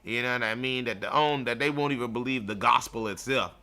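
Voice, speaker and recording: Sharp-toned man ranting bluntly. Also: medium pitch, fairly quick. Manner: blunt, profane, mocking, laughs at his own jokes. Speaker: show host. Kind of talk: ranting livestream monologue.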